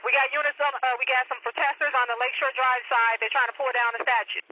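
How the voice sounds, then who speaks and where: A woman's voice: high voice, steady tone, quick pace. A woman police dispatcher relaying reports over the radio, repeating warnings urgently. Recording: muffled scanner radio with loud static.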